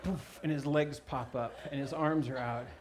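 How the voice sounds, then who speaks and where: A male pastor from Alaska delivering a sermon, telling a lively personal anecdote and chuckling as he goes. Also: mid-range voice, moderate pace, slight background noise. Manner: animated storyteller, chuckling through his own anecdote. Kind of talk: sermon with a humorous personal story.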